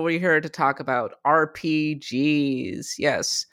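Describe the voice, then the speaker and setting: A woman hosting a podcast, chatting casually and telling stories with animated energy. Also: deep voice, slow, hardly any pauses, smooth, no room sound, studio quality. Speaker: podcast host. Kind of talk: casual chat.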